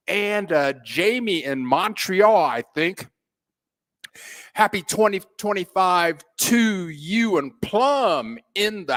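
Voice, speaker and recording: A man hosting a casual live stream, greeting viewers by name with playful, folksy shout-outs. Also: high voice. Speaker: host of a live stream about living abroad. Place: home in a Mexican city.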